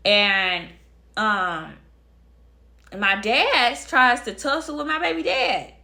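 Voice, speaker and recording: Bright, blunt woman telling a story. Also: fairly high pitch, slow. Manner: emphatic, blunt, repeats phrases for effect; addresses viewers directly. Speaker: storytime vlogger. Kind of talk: casual storytelling to camera.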